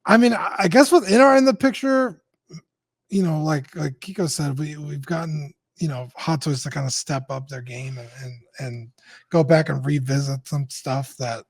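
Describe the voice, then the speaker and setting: A man's voice: on the high side, darkish tone, no echo. A man talking as a podcast guest in casual chat, blunt, sighing and swearing casually.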